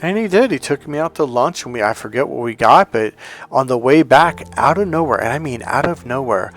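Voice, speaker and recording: A man's voice: medium pitch, lively intonation, a little fast, soft background music. A man giving an intense, blunt and profane motivational talk as a relationship coach. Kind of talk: motivational vlog monologue.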